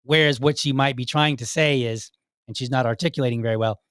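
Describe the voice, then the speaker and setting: A man's voice: mid-range voice, steady tone, quick pace, a bit bright, clear, resonant tone, dry recording, clean studio sound. An American man in his forties hosting a podcast, giving casual advice in a rambling, conversational way with frequent restarts. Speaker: podcast host.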